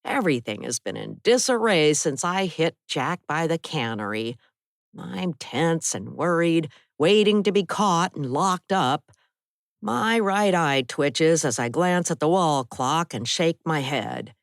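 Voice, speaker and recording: A woman narrating a first-person thriller audiobook with a tense, measured reading. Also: sits low, animated, creaky, dry recording, studio quality.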